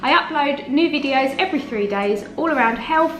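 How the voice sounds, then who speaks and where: A woman's voice: sits high, animated, moderate pace, fairly bright tone, far from the mic. A woman, a fitness vlogger and mother, chatting casually to her viewers in an encouraging, easygoing way. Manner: chatty and encouraging, laughs easily. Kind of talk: casual vlog chat. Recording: roomy echo, a bit off-mic, music behind.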